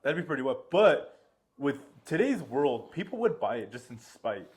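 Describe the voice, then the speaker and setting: A man's voice: mid-range voice, sing-song, moderate pace. A man co-hosting a podcast, mostly reacting with short remarks. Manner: brief reactive interjections. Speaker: podcast co-host. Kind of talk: casual chat.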